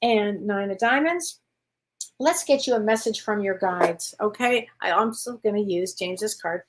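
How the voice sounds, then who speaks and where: A woman's voice: mid-range voice, a little slow. A woman hosting a live-stream show of psychic readings, chatty and rambling, calling viewers honey and sweetheart. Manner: rambling with frequent restarts and self-corrections. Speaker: psychic medium host.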